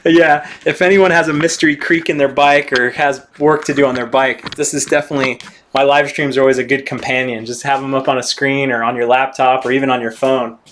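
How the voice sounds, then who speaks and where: A man's voice: medium pitch, fairly even intonation, brisk, fairly bright tone, slight background noise. A man hosting a casual live stream while working on his bike, rambling and swearing casually as he reads chat aloud.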